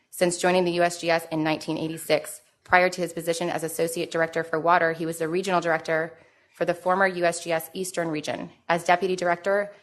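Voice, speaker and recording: A woman emceeing a conference, reading announcements and a speaker introduction in a steady, formal way. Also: lowish voice. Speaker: event emcee.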